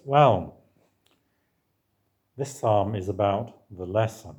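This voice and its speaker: Low-voiced man preaching conversationally. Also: lively intonation, measured pace, a little mellow. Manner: conversational, asks the congregation questions and answers them. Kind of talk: sermon.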